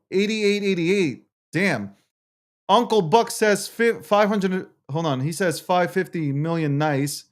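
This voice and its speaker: A man hosting his own live show, casually chatting and reading viewer comments aloud, swearing freely and swinging between mock hurt feelings and getting fired up. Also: high voice. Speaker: livestream show host. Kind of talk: casual live-stream chat.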